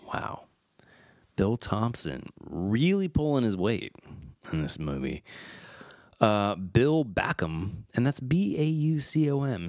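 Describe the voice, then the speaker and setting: Slow-talking, wry man reading trivia. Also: on the low side, no room sound, studio quality. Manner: wry, chatty, stumbles over names. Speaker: podcast host. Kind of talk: casual commentary reading film trivia.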